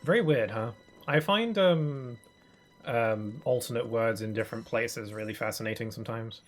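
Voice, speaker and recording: A man's voice: medium pitch, normal speed, faint music behind. Rambling British man chatting on stream. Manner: rambling, musing, with frequent fillers and chuckles. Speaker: gaming streamer. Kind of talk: casual chat while streaming a game.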